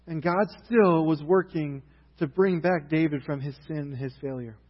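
A man preaching a sermon, retelling a story with animated emphasis and building intensity. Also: on the high side, moderate pace, long reverb tail, muffled recording.

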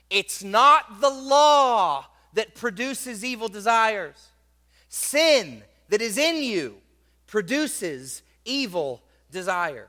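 High-voiced preacher in a reverberant hall. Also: male voice, lively intonation, slow pace. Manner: emphatic preaching, swinging from loud stresses to quiet asides; repeats words when restarting phrases. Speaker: pastor. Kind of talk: sermon.

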